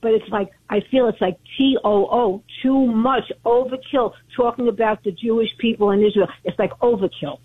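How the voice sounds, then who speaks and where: A woman's voice: a little high, moderate pace, few pauses, husky. A woman from Brooklyn calling in to a radio show, chatty and earnest, heard over a phone line. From Brooklyn, New York. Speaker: caller. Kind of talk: phone-in call.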